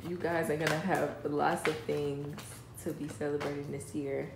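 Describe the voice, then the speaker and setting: A woman tarot reader gives a casual, chatty reading, addressing her viewers directly with enthusiasm. Her low voice barely moves in pitch, keeps a moderate pace and carries vocal fry. It's a voice-over with her face unseen, recorded in an echoey room with a clicking noise.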